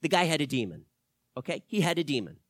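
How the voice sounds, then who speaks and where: A male pastor preaching a teaching sermon, swinging from loud emphasis to quiet asides and asking the audience questions. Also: a little high, big pitch swings, fast talker, no echo. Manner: asks the audience direct questions.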